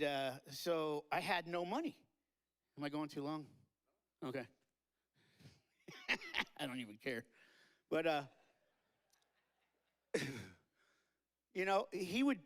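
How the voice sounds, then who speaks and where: A man with a fairly high voice speaks at a memorial gathering. He rambles through his tribute with plenty of fillers and mixes goofy jokes with choked-up, tearful moments. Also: expressive, unhurried, pauses often, a bit bright, low-quality recording. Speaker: eulogy speaker. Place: live-streamed memorial event.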